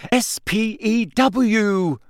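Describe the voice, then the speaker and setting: A man voicing a bossy, earnest teenage schoolgirl in an audiobook, talking briskly and insistently. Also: fairly high pitch, sing-song, no room sound, clean studio sound, pitched above the performer's own voice. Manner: brisk, insistent, talks over others. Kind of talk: audiobook character voice.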